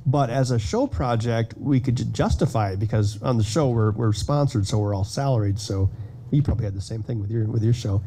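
A man giving a conference keynote in a casual, self-deprecating way, telling animated stories about his builds. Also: medium pitch, brisk, a little hiss or hum. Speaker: keynote speaker. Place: conference hall stage.

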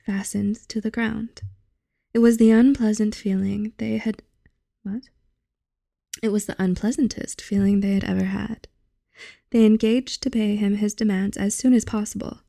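A young woman hosting her channel, reading a fairy tale aloud in a soft, unhurried voice that often drops to a half-whisper. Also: medium pitch, creaky, dry recording, clean studio sound.

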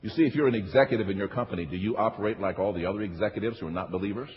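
His voice sits on the low side and races along as this pastor preaches in the church sanctuary. Repeated phrases and call-and-response keep the congregation engaged, captured in a dull, lo-fi recording with church-hall echo.

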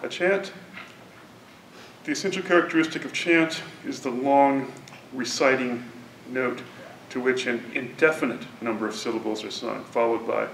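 A man introducing a poet at a university event, reading a prepared, deliberate academic introduction. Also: steady tone, creaky, fairly bright tone. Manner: measured, deliberate academic delivery. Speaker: lecture introducer. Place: university lecture hall. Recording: roomy hall from a distance, faint rumble.

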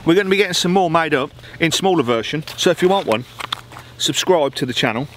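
A man from the UK trades casual banter with his travel partner, defending himself with a joke. His voice sits a little high, and he keeps it easygoing. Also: lively intonation, fast, noisy background. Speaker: vlogger. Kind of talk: casual travel vlog chat.

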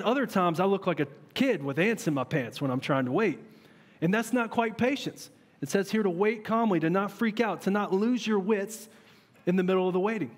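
A man in his thirties preaching a sermon as pastor, conversational and animated, with many rhetorical questions. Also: high voice. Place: large church hall. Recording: long reverb of a church hall.

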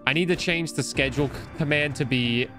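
A man's voice: fairly high pitch, a little fast. A young man from Canada chatting casually and rambling self-deprecatingly while streaming a game, a little tired. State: tired, yawning. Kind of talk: casual gameplay commentary. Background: game music.

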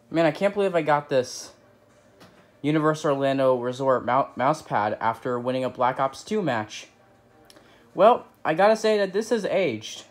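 Goofy man signing off a toy video. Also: medium pitch. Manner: goofy, self-mocking. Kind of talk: casual homemade toy-video outro.

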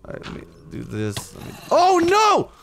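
In an extremely high voice with wildly swooping pitch, a young gaming YouTuber talks quickly to himself over his gameplay, swearing a lot and repeating words as panic sets in. The casual let's-play commentary has a noisy background.

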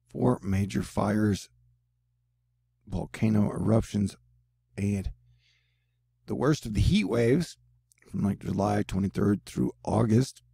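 A man with a gravelly, husky voice runs through news and weather in a loose, rambling way. He drops self-deprecating jokes between reports. The sound is dry and close. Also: lowish voice, mellow, dry recording. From United States. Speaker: news channel host. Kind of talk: casual news commentary.

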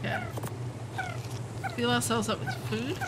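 A woman from the Southern Hemisphere streams a game live, her voice a little high and her pace slow, with noise in the background. She chats away as she plays and greets viewers by name in bursts of excitement.

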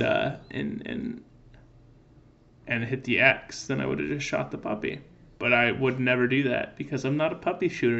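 Bright-voiced goofy man gaming. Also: mid-range voice, muffled recording. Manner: playful, goofy, mock-cat meowing. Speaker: gaming video creator. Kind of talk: joking let's-play commentary.

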